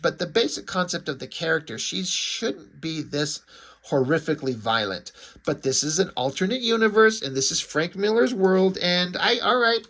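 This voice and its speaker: Gravelly-voiced man rambling casually. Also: high-pitched, fairly bright tone. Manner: rambling, uses lots of "like" and "you know". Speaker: comic book reviewer. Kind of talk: casual spoken review.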